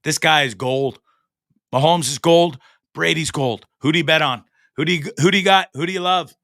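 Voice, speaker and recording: A man's voice: fairly high pitch, normal speed, fairly bright tone, dry recording, clean studio sound. A Canadian man in his forties hosting a show, delivering an angry, profane, repetitive rant, stammering as he gets fired up. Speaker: host. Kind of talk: impassioned solo rant. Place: studio.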